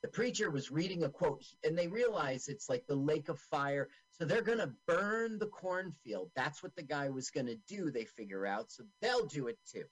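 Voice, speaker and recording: Guy with a higher voice recapping a movie scene by scene, sarcastic, talks all over the place pitch-wise. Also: very animated, moderate pace, few pauses, poor audio. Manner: narrates the on-screen action with sarcastic asides. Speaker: podcast co-host. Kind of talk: casual movie commentary.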